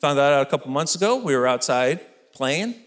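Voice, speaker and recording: A man's voice: a little high, fairly quick. Upbeat stand-up comic man on stage. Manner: energetic, self-deprecating storytelling. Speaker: stand-up comedian. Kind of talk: stand-up comedy routine. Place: comedy stage with live audience. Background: faint audience laughter and room noise.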